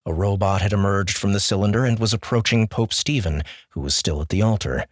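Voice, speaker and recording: A man narrating an audiobook in a measured, clear voice. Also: lowish voice, dry recording, studio quality. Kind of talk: scripted narration.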